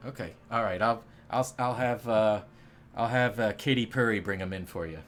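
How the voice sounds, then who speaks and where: Man performing a small, tough male cat bartender, hammy New York accent, low voice, conspiratorial. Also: normal speed, a bit bright, natural voice. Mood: friendly.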